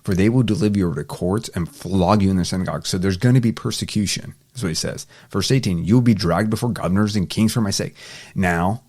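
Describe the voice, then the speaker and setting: A man with a low, slightly mellow voice talks fast as he teaches an informal Bible study. He reads scripture out, then explains it in everyday, casual words.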